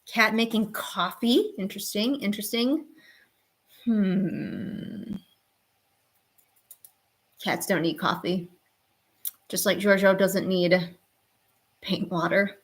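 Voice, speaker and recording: A woman's voice: medium pitch, extremely slow, pauses often. Chatty woman streaming while drawing. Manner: chatty, talks to her cats and chat. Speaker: art streamer. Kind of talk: casual live-stream chat while drawing. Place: home.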